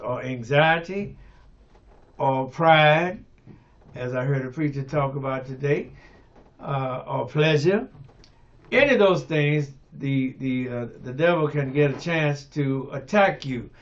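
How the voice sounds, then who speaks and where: An older man preaching a radio sermon, unhurried, with many fillers and restarts, and rising to fervent emphasis on key words. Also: a little high, highs cut off. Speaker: pastor.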